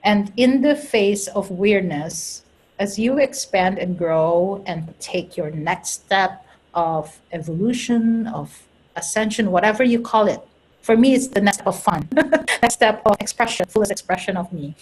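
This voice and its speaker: Woman, spiritual coach, husky mid-pitched voice, earnest chat with self-mocking laughs. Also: a little slow, darkish tone, poor audio. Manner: earnest, laughs at herself, repeats words. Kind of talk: casual spiritual talk.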